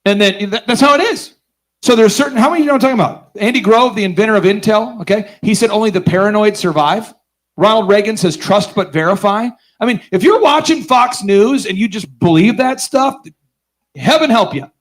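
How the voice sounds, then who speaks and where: Energetic sarcastic man telling stories on stage. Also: sits high, fairly quick. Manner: energetic, sarcastic, acts out voices in his stories; keeps quizzing the audience. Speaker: business conference host. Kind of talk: live seminar storytelling to an audience.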